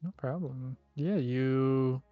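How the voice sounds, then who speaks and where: Male game master, slow, hesitant narration, dull recording. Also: mid-range voice, no echo, faint music behind. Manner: halting, full of "um" and "like".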